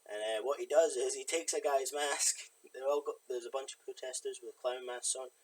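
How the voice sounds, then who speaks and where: A man's voice: medium pitch, fairly even intonation, moderate pace, low-quality recording. A man casually retelling a film's plot in a review, rambling with fillers and side remarks. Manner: rambling, many fillers and asides. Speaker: film reviewer. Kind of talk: casual spoken film recap.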